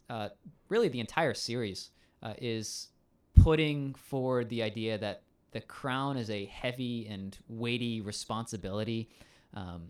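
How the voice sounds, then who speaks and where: A male teacher in a casual conversation, explaining at length in a thoughtful way with frequent ums and restarts. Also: mid-range voice.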